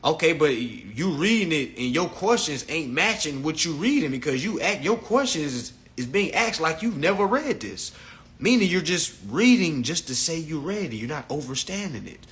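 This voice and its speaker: Blunt, profane man lecturing a live stream. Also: normal speed. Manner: profane, blunt, lecturing, animated swings in pitch. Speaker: live stream host teaching a class.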